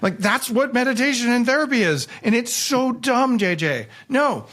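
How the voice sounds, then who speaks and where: Man as podcast guest author, animated jokey storyteller, lively pitch jumps. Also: moderate pace. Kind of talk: casual podcast conversation.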